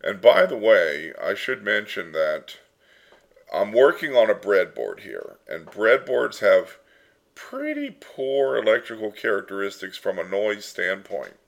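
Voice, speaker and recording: Unhurried and fairly low-pitched, with vocal fry and big pitch swings, a man demonstrates a circuit during a casual hands-on tutorial at his home workbench, adding wry comments. Circuit distortion and synth tones play behind, and his desktop mic is at times heard through the breadboard circuit.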